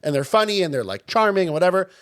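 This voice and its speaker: A man's voice: high voice, racing, smooth. A young man from Long Island, co-hosting a casual podcast and chatting with lots of fillers. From Long Island, New York. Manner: animated, chatty, with many fillers. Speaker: podcast co-host. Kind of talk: casual chat.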